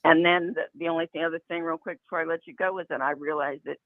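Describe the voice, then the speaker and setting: A man's voice: fairly high pitch, fairly even intonation, fast talker, no room sound. A man calling in to a talk show, talking in a hesitant, rambling, suspicious way. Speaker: caller. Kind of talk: phone-in call. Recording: phone line.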